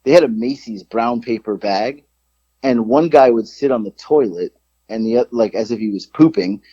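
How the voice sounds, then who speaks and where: A man co-hosting a podcast, telling stories in casual chat, swearing freely and jumping up in pitch when he quotes himself. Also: moderate pace, husky, no echo. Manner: animated storyteller, jumps high when quoting himself, swears freely. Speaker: podcast co-host. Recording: slightly dull lo-fi sound.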